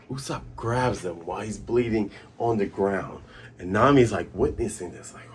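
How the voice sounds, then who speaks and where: A man hosting a casual comic recap, animated, breaking into sound effects and character voices. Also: fairly low pitch, normal speed, slightly rough. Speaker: comic reviewer and host.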